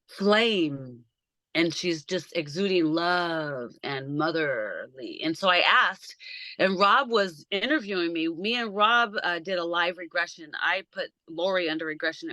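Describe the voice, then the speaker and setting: This podcast host has a fairly low-pitched voice and records without echo from a little shed in her backyard. Chatting casually on a video call, she spins lively stories and acts out every quoted line.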